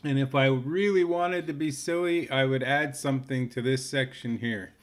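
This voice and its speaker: A man hosting a live stream in relaxed, chuckling casual chat. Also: mid-range voice, normal speed. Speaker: host.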